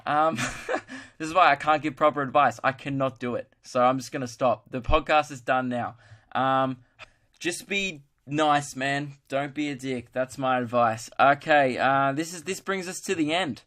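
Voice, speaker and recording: A man's voice: mid-range voice, measured pace, fairly bright tone. A young man hosting a solo podcast, chatting casually in a rambling, joking, self-mocking way. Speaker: podcast host.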